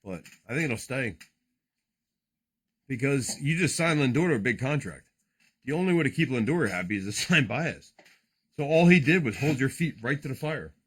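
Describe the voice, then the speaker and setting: Excitable profane man with a lively voice. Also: mid-range voice, normal speed, long pauses, husky. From New Jersey. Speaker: card-breaking streamer. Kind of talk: casual live card-opening chat.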